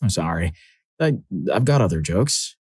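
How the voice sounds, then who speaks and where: A man's voice: low voice, expressive, normal speed, a little mellow, breathy edge, no echo, clean studio sound. A man voicing an awkward young male dinner date who speaks hesitantly and apologetically. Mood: sheepish.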